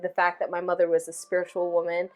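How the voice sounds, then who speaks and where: A woman in her thirties hosting a podcast, telling personal stories in a relaxed, reflective way, full of filler phrases. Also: fairly low pitch, quick pace, soft background music. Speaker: podcast host. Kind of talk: casual heartfelt conversation.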